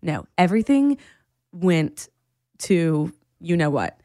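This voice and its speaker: A woman co-hosting a podcast, telling a story in casual chat, animated and laughing often. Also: on the low side, slow pace, dry recording, clean studio sound. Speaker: podcast co-host.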